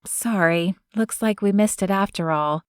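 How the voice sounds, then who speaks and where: A woman narrator voicing a guarded young single mother in a romance audiobook, speaking softly and hesitantly. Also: mid-range voice, a little slow, clear, resonant tone, dry recording, clean studio sound, natural voice. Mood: warm. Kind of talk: audiobook character voice.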